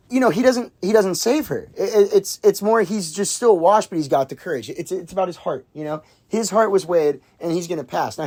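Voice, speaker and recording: This medium-pitched film reviewer talks about a movie in a casual, excitable way. He rambles, says "like" constantly, restarts his sentences, and swears casually.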